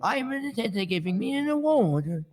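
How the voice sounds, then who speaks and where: A man's voice: extremely high pitch, very animated, fairly quick, darkish tone. A man voicing a rowdy, cursing defendant who stammers and blusters in a game courtroom role-play. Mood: blustering. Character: rowdy, cursing male defendant, loud and indignant.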